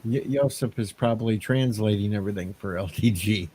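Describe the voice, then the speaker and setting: A man's voice: on the low side, fairly quick, warm tone, slight background noise. A man co-hosting a live stream, teasing the host and reading out viewer comments. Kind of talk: casual chat.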